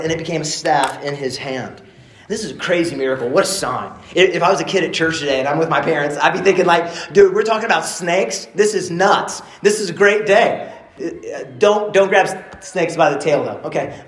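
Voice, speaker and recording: Animated man preaching in an echoey room. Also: high-pitched. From East Texas. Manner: animated, casual and joking. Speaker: pastor. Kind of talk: sermon.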